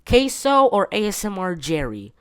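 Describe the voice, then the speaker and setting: A man's voice: high-pitched, huge pitch swings, moderate pace, a bit bright, smooth, no echo, clean studio sound. A man hosting a casual solo podcast from his bedroom, rambling with many fillers and restarts. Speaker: podcast host.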